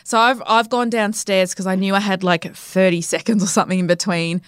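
A woman, a podcast guest telling a story in a casual, lively way and acting out the quotes. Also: mid-range voice, brisk, smooth, no room sound. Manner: vivid, breathless retelling that acts out quotes. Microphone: studio podcast microphone.

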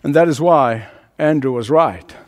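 A high-pitched man delivering a sermon. He drops to soft, low asides, then climbs into emphatic, rising runs, chuckling between lines. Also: measured pace. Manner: preaching with dramatic swings of pitch and loudness, builds to emphatic climaxes. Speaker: pastor.

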